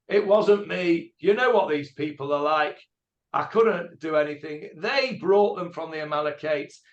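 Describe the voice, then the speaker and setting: A man's voice: fairly high pitch, reverberant, muffled recording. A man putting on a whiny excuse-making king. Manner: whiny, pleading.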